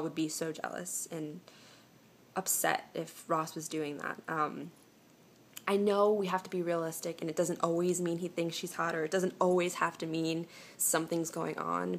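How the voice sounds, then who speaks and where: A woman's voice: fairly low pitch, vocal fry, fairly bright tone, a little hiss or hum. A young woman vlogging from home on a phone camera, answering viewer questions with chatty, reassuring relationship advice full of "um"s and restarts. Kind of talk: casual advice chat.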